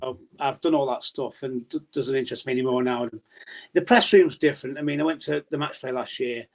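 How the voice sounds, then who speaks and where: A man's voice: medium pitch, fairly quick, vocal fry. A man talking as a podcast guest about his darts journalism in a casual, rambling way with many restarts.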